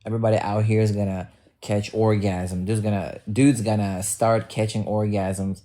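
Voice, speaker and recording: A woman's voice: extremely low pitch, little pitch movement, moderate pace, mellow. A woman streamer chatting casually with her viewers, blunt, joking and swearing freely as she talks back to the chat. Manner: addresses chat directly. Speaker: livestreamer.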